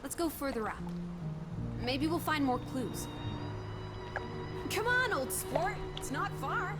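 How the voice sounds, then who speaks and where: Curious young heroine, brisk and insistent, game music behind. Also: female voice, high voice, big pitch swings, exaggerated voice. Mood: spirited. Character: spirited, teasing young woman, stubborn and curious. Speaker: game character. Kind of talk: game voice acting.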